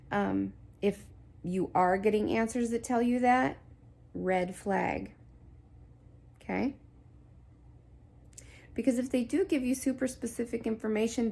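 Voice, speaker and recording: Woman spiritual coach, gravelly, mid-pitched; earnest, reassuring, repeats for emphasis. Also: darkish tone. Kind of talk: casual talk to camera.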